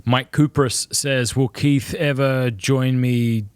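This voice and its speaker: An Australian man from South Australia hosting a podcast, reading viewer questions aloud and reflecting in a relaxed, joking way. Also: medium pitch, takes it slowly, clean tone, no echo. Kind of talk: podcast conversation.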